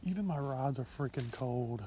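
A young man from Ohio narrating his fishing trip outdoors in an excitable, casual vlog manner, talking to viewers as he fishes. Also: medium pitch, moderate pace, background noise. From Ohio, USA. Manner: excitable, talks to himself and viewers, frequent exclamations. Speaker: fishing vlogger. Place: outdoors by a pond.

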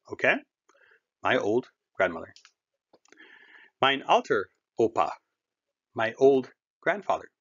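Slow, patient man teaching German. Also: mid-range voice, a bit bright, breathy edge, lo-fi sound. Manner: slow, patient explaining with drawn-out German words; friendly and encouraging, addresses learners directly. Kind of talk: recorded language lesson.

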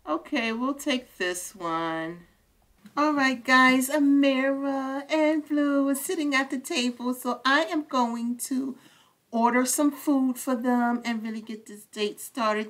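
A woman commenting on a life-sim game she is playing, excitable and gushing, often laughing. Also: high voice, measured pace. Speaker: gaming creator. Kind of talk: let's play commentary.

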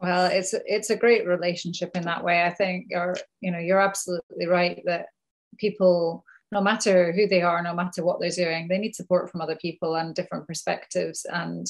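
A Scottish woman from Scotland, a coach appearing as an interview guest, speaking in a thoughtful, measured way with pauses and restarts. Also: on the low side, flat delivery. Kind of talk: casual interview chat.

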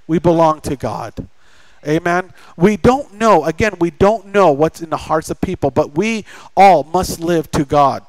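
An American man preaching a sermon as pastor, lively and acting out the voices of people he describes. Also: fairly high pitch, unhurried, dry recording, rough recording.

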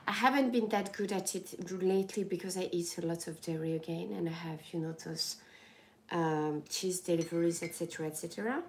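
A young woman chatting casually to her viewers in a groggy morning voice, halting and restarting often. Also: mid-range voice, a little hiss or hum. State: sleepy morning voice. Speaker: lifestyle livestreamer.

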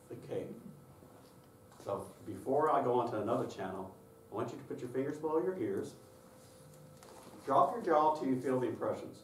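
Man workshop leader, animated delivery, distant mic in a roomy hall. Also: medium pitch, a little hiss or hum. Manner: lively, demonstrative, acts out voices. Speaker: choral music clinician. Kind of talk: conference workshop presentation. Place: conference session room. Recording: echoey room from far off.

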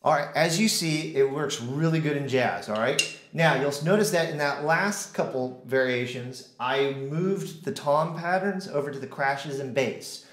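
A man's voice: on the high side, a little slow, hardly any pauses, roomy sound, a crowd in the background. A man teaching drums in a casual way, counting out stickings and humming rhythms. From United States. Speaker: drum teacher. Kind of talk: casual instructional talk.

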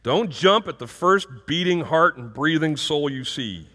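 A male pastor preaching a sermon in a church, animated and rising to loud emphasis. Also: fairly high pitch, unhurried, long reverb tail. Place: church sanctuary.

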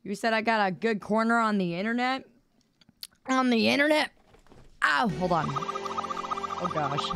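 A woman streamer, slightly hoarse, chatting casually and teasing her viewers, often stammering and repeating words. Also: a little high, lively intonation, measured pace, long pauses, a bit bright. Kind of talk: casual live-stream chat. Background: background music.

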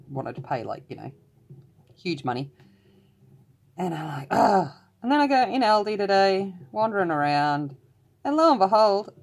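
Chatty woman, low voice, rambling colour-along vlog host.

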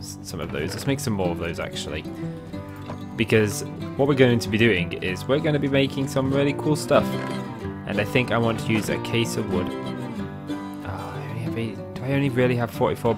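A young man hosts a casual Minecraft let's play in a lowish voice at a moderate pace, with faint guitar music behind him. His gameplay commentary is chatty and rambling, full of fillers and asides.

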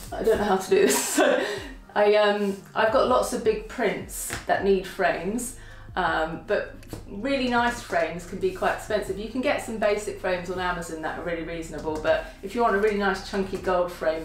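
Chatty woman in an echoey room. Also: mid-range voice. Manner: chatty and self-deprecating, laughs often. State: out of breath from lifting. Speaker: vlogger showing a home haul. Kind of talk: casual chat to camera. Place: at home, indoors.

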